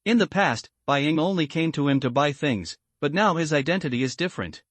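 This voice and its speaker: A man reading a translated comic story aloud as a recap narrator, in a steady, even manner. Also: a little high, brisk, no room sound.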